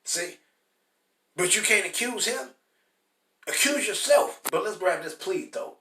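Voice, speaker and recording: A man teaching the Bible in an informal, blunt and profane preaching style, repeating points emphatically and reading verses slowly and forcefully. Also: high-pitched, animated. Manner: reads scripture slowly and forcefully. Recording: roomy echo from a distant mic.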